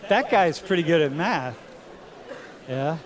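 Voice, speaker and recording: A man's voice: on the high side, lively intonation, takes it slowly, slight background noise. A man teaching a university class in a large lecture hall, talking casually and playfully, calling students dude and bro. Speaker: university professor.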